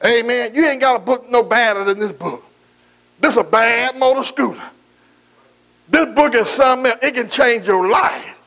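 A man's voice: very high-pitched, vocal fry, pushed and bright, rough recording. A man preaching a sermon, calling out to his congregation, stretching out scripture lines and dropping folksy asides. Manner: call-and-response preaching, drawn-out scripture quotes, folksy asides. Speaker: pastor.

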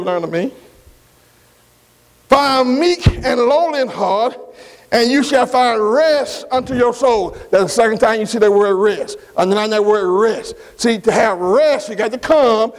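A man preaches a slow, emphatic sermon, repeating key words, questioning his congregation, and punctuating lines with amens. His pitch is extremely high, and the audio is poor.

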